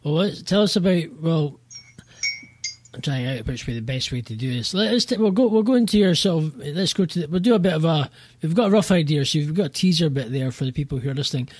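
A man hosting a podcast interview, asking rambling, halting questions in a casual way. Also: a little high, lively intonation, darkish tone. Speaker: podcast host.

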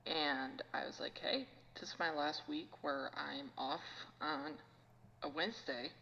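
A woman guest on a casual podcast, with deadpan, mock-menacing banter. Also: low-pitched, unhurried, creaky, big-room sound, highs cut off.

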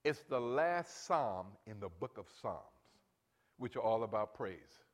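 A man in his late sixties preaching a sermon, telling family stories and directing the band and congregation, his voice rising loud for emphasis. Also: on the low side, lively intonation, measured pace. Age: 60s. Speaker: pastor.

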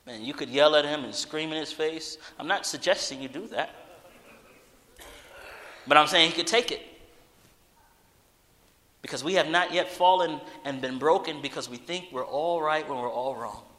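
Guy preaching, bit high and bright, big echoey hall, gets loud then goes quiet for stories. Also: normal speed, long pauses. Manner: swings from loud urgent appeals to hushed storytelling. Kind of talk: sermon with personal story. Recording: long reverb of a large hall.

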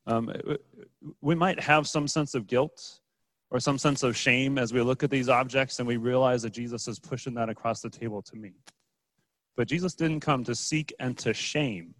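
A man's voice: medium pitch, moderate pace, a bit bright, no echo, rough recording. A man preaching a conversational sermon as pastor, asking the congregation questions and pointing to objects as he talks. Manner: casual, asks the congregation rhetorical questions, uses props.

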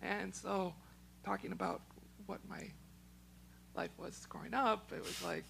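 A young man, speaking haltingly in an interview with a choked, froggy-sounding voice. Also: high-pitched, steady tone, gravelly, pushed and bright, slight background noise, low-quality recording. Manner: halting, with many ums and restarts. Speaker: special education teacher. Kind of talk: casual personal testimony.

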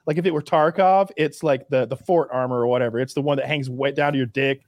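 A man's voice: medium pitch, steady tone, fast talker, no room sound. A man hosting a podcast, chatting casually and rambling through stories with plenty of swearing and restarts. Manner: rambling, profane storytelling with many restarts. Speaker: podcast host. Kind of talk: casual chat.

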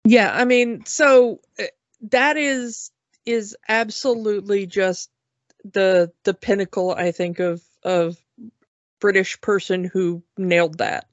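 Slow-talking woman, dull lo-fi. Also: mid-range voice, fairly even intonation, dry recording. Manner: chatty, storytelling, frequent restarts. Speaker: podcast co-host. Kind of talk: casual chat. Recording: dull lo-fi sound.

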